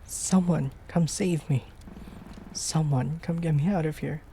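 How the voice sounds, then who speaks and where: A streamer acting out a frantic young woman caught in a blaze, stammering through the game's text and leaping from strained shouts to breathy whispers. The pitch stays mid-range at rest, and a soft hiss of faint noise runs underneath. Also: unhurried, natural voice. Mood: terrified. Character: panicked young woman trapped in a burning building. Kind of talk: dramatic reading of game text.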